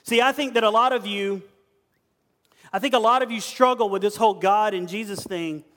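High-voiced man preaching in a hall. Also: normal speed, a bit bright. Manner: folksy, storytelling, acts out quoted voices. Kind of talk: sermon with funny stories. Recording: long hall reverb.

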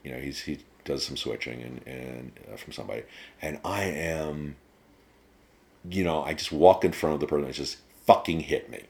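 Very deep-voiced man telling rambling stories. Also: fairly even intonation, moderate pace, creaky, darkish tone. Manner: rambling, profane storyteller. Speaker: interview guest. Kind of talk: casual conversation.

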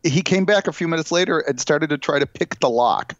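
Middle-aged male podcast host, animated and rambling; dry, slightly dull recording. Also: a little high, a little fast, no room sound. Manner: rambling, laughing, animated storyteller. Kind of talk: casual chat, reading news stories aloud.

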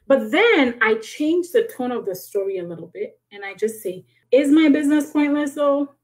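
A woman's voice: mid-range voice, poor audio. Emotional woman guest, heartfelt and a little shaky, restarting her sentences. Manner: earnest, with frequent restarts and soft laughs. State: emotional, near tears. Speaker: guest, author and business owner. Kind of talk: emotional podcast conversation.

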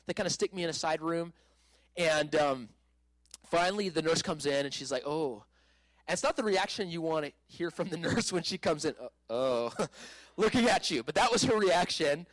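A man telling a personal testimony in a casual storytelling way, animated, laughing often, with many fillers and restarts. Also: on the high side, no room sound, rough recording.

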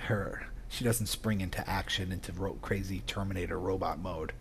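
A man's voice: low-pitched, steady tone, moderate pace, a little hiss or hum. A man casually discussing a film as podcast co-host, laid-back and laughing often.

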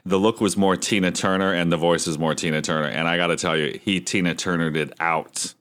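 A man's voice: deep voice, steady tone, fairly quick, a bit bright. A man co-hosting an interview, telling stories in a laid-back way. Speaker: co-host. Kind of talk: casual interview chat.

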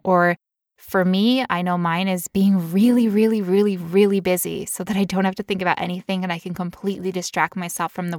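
Animated woman podcast co-host. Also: on the low side, dry recording, clean studio sound. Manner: animated, acts out quoted voices. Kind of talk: casual podcast chat.

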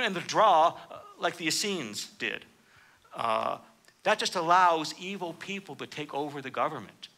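A man preaching a sermon, explaining a scripture passage and acting out quoted dialogue. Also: a little high. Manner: animated, acts out quoted dialogue with rising emphasis.

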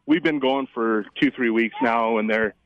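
Male coach phoning in, courteous and brief, middle pitch, dull lo-fi line. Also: moderate pace. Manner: polite, brief answers. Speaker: assistant softball coach. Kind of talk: phone-in interview.

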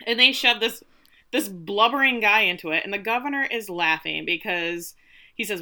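A woman co-hosting a podcast in casual conversation, working from notes and acting out quoted lines. Her voice is bright and sits at a middle pitch. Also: expressive, brisk. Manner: reads from notes, acts out quotes. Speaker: podcast co-host. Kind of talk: casual recap chat.

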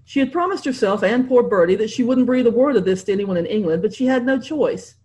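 A woman narrating a novel in an expressive storytelling manner. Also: a little high, fast, few pauses. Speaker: audiobook narrator. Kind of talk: scripted narration.

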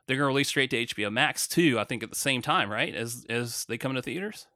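A man telling a profane story in casual chat, with loud reenacted shouting. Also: mid-range voice, quick pace, dry recording, clean studio sound. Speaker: podcast co-host.

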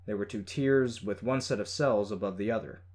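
A man reading a first-person story in a steady, measured way. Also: lowish voice. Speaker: audiobook narrator. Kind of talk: scripted first-person narration.

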